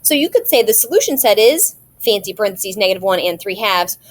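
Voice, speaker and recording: A woman's voice: mid-range voice, big pitch swings, fairly quick. A woman math teacher recording a video lesson, explaining each step patiently and checking in with rhetorical questions.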